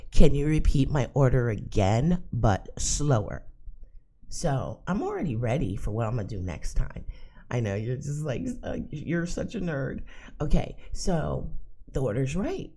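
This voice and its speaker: A woman telling a funny everyday story in a casual, animated way, laughing and acting out the people in it. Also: rumbling low, vocal fry, slightly rough. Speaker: psychic reader and channel host.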